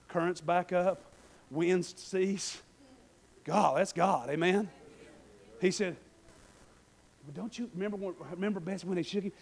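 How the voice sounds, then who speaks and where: Preacher guy, really high voice, hollers then drops way down, folksy. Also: normal speed, vocal fry, long pauses. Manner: swings from shouting to low asides, folksy. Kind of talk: sermon.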